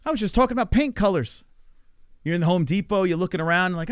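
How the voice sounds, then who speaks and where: A man's voice: high voice, animated, quick pace, smooth, no echo, clean studio sound. A man streaming a rambling, profane monologue with an exasperated manner. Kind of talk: ranting casual monologue.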